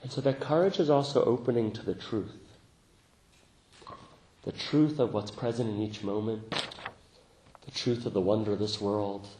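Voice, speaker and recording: Guy giving a meditation talk, soft and easygoing, laughs a lot, echoey room. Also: lowish voice, moderate pace, pauses often, a little hiss or hum. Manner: gentle, laughs often, animated when telling stories. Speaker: meditation teacher. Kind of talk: dharma talk.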